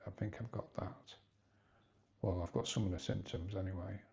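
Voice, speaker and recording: Low, gravelly man in his fifties, halting confessional vlogger, dull lo-fi sound. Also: fairly even intonation, mellow. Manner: hesitant, halting, rambling with restarts. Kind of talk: personal confessional vlog.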